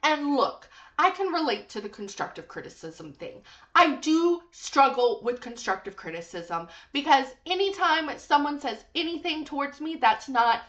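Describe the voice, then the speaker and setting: A woman's voice: sits high, sing-song, moderate pace, fairly bright tone. A woman hosting a commentary video, chatty and casual, swearing and laughing as she talks. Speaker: commentary host. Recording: dull lo-fi mic.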